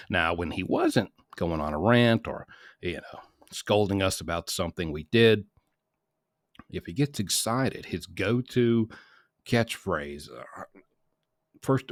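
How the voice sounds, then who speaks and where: A deep-voiced man rambles through a casual morning podcast from a small room at home. His talk is chatty and self-correcting, and the sound is close and dry with no room ring. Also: dry recording. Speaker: podcast host. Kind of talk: casual chat.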